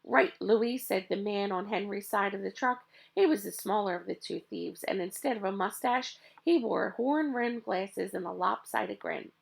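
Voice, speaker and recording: A woman reading a children's chapter book aloud in a lively, expressive way. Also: medium pitch, moderate pace, gravelly, few pauses, slightly rough. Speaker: reader. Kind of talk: storybook read-aloud.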